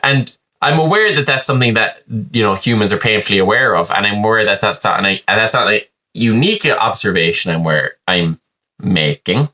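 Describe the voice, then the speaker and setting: A man's voice: lowish voice, moderate pace, pushed and bright. A young man, hosting a podcast in a rambling, sweary and self-mocking comic monologue. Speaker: podcast host.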